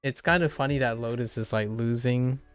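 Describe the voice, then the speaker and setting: Young man, slight Southern twang, smooth voice, loose playful chatter with easy laughs, faint music underneath. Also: medium pitch, steady tone, normal speed, no room sound. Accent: slight Southern American. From Southern United States. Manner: playful, laughs often, rambling and musing. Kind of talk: casual chat.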